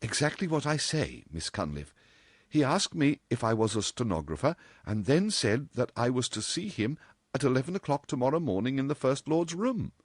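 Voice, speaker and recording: A man voicing a composed young woman stenographer who speaks in a measured, level way. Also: medium pitch, very animated, no echo, studio quality, pitched above the performer's own voice.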